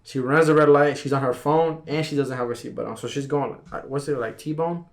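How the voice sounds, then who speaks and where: A young man chatting on a podcast, spinning a long, rambling story in a mid-pitched voice. He talks casually and with energy, dropping "bro" into nearly every sentence. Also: a little fast, creaky. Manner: rambling, animated, says "bro" constantly. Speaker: podcast guest.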